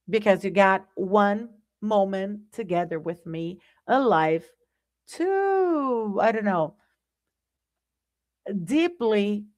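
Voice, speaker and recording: Slow-talking Brazilian woman teaching English. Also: medium pitch. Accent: Brazilian Portuguese. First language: Portuguese. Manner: conversational, addresses viewers as "guys", keeps asking "right?". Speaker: English teacher hosting a live class. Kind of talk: live-streamed language lesson.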